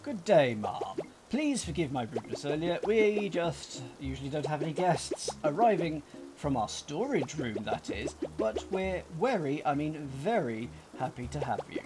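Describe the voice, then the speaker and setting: A man's voice: a little high, sing-song, normal speed, background noise. A man voicing an eager young lava-lodge host in a game, using an odd put-on accent and polite hotelier patter. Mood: chirpy welcoming. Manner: overly polite hotelier patter, read with stumbles. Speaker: game character read aloud.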